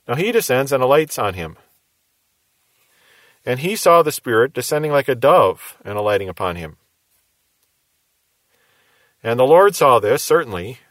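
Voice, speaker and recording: A man teaching verse by verse from the Bible in a calm, measured manner. He explains each passage step by step and poses rhetorical questions to his listeners. His mid-range voice is recorded dry, with no room sound. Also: mid-range voice, dry recording.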